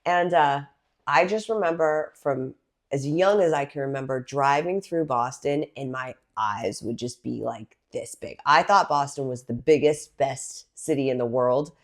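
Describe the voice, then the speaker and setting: Lively New woman telling stories. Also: rumbling low, measured pace. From Massachusetts, US. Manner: lively storyteller, animated. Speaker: guest, personal trainer. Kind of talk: casual interview talk.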